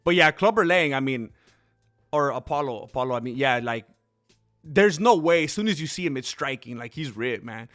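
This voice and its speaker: A man hosting a casual livestream, chatting in a rambling, excitable way and calling viewers dude and bro. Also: mid-range voice, moderate pace, soft background music. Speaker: streamer host.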